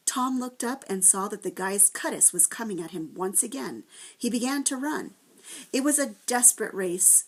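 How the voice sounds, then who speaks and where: A woman teacher reading a chapter book aloud to first graders, with gentle, expressive storytelling. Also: a little high, breathy edge.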